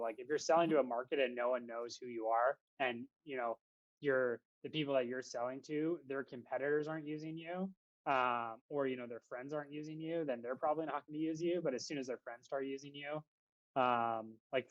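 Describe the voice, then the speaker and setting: A man's voice: mid-range voice, dry recording, lo-fi sound. A man from western Canada, a guest on a casual podcast interview, rambling and chatty with lots of fillers.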